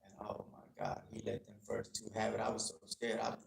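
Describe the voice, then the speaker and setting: Texas man, gravelly and low-pitched, earnest storyteller in an echoey lecture room. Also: very animated, a little fast, slight background noise. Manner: earnest, plainspoken, acts out dialogue. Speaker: guest speaker on gang culture. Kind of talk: personal storytelling to an audience. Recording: echoey room, faint clicking.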